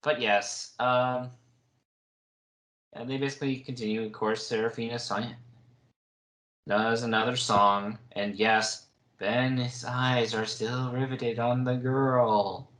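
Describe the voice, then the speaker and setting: Male co-host, mid-pitched, plot recapper with wry asides; reverberant room sound. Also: flat delivery, takes it slowly, fairly bright tone. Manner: recaps chapter events with asides. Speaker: podcast co-host. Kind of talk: casual book discussion.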